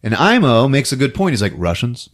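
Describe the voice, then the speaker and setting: A man hosting a podcast, recapping a movie scene by scene, jumping into quick character voices and laughing often. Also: mid-range voice, very animated. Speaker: podcast host.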